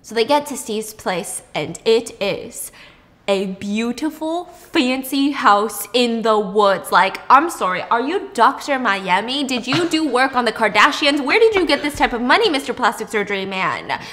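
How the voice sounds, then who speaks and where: A woman's voice: on the high side, sing-song, a little slow, pushed and bright. A young woman podcast host telling a story in a casual, joking, slangy way while she bakes.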